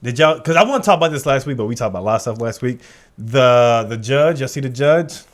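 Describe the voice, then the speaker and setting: A man's voice: mid-range voice, lively intonation, fast. A man co-hosting a podcast, telling stories in casual slangy chat and acting out other people's lines. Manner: slangy storyteller, acts out quotes. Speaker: podcast co-host.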